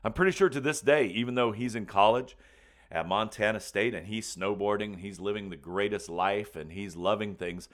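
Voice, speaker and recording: A man with a lowish voice telling a funny story from his own life. He talks in a lively, playful way and jumps into the voices of the people in it. It is loose, spoken storytelling. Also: moderate pace. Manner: animated, acts out voices and screams for comic effect. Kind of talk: comic personal storytelling.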